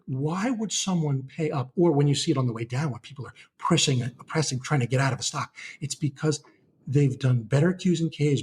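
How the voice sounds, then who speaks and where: Guesting on a laid-back podcast interview, a middle-aged market analyst tells lively stories to explain things, performing the dialogue of a trading desk. He speaks at medium pitch with a breathy edge.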